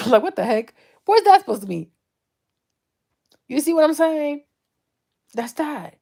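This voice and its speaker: A woman from the Ivory Coast talking casually to camera, animated and often dropping into mocking impressions. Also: high-pitched, unhurried, vocal fry, pauses often. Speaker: vlogger.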